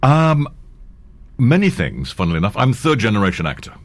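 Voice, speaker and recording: An older male actor and voiceover artist, guesting in a casual interview, tells rambling anecdotes full of restarts and easy laughter. His mid-range voice is very animated and fairly quick, captured on a dry recording.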